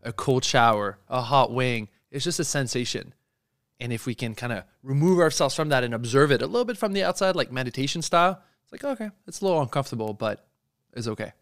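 A man's voice: medium pitch, a little fast, a bit bright, no room sound, clean studio sound. A man being interviewed, speaking in an earnest, reflective way. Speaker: guest, endurance athlete. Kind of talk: casual interview answers.

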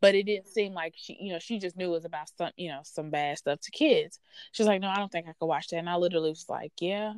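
A woman hosting a podcast, telling a workplace story in a blunt, profane, sassy and animated way. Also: fairly low pitch, fast talker, clear, resonant tone, dry recording. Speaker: podcast host. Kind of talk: casual storytelling rant.

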